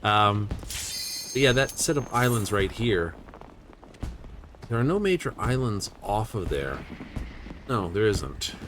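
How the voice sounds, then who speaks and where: Male streamer, low-pitched, loose musing commentary over a faint hiss. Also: sing-song, takes it slowly, long pauses. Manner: rambling, thinks aloud while studying a map. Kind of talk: casual game-stream commentary.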